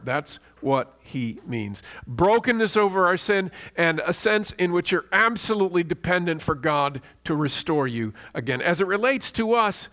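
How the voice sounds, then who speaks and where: A man delivers a sermon in an earnest, teaching voice that sits a little higher than most men's. He leans hard on key words and slows right down to stress a repeated phrase. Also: a bit bright. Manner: earnest, emphatic teaching with slow stressed repetitions. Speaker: preacher.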